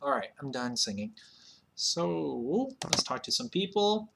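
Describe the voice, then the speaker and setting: A man casually commenting on his play of an old computer game, chatty, with sudden excited shouts. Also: on the high side, a little slow, creaky, a little hiss or hum. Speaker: let's play host.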